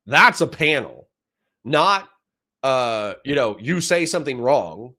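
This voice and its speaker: Profane, animated male livestream host. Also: medium pitch, slow pace. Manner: profane, animated, reads chat comments aloud. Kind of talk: casual livestream chat reading comments.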